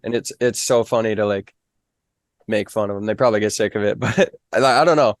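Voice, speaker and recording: Chill young guy from fargo, low voice, dry close sound, says like a lot. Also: brisk, dry recording. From Fargo area, US. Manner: modest, easygoing, lots of "like". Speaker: guest, weather reporter. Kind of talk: casual interview.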